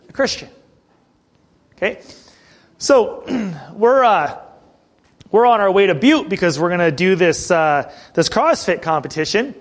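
A middle-aged man preaching a sermon in a conversational way, asking the congregation questions and often clearing his throat. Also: sits high, lively intonation, unhurried, long pauses. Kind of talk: sermon with personal story.

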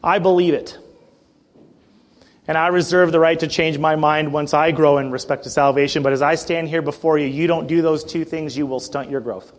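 A man preaching a sermon in a church, passionate, with joking asides and frequent throat clearing. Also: on the high side.

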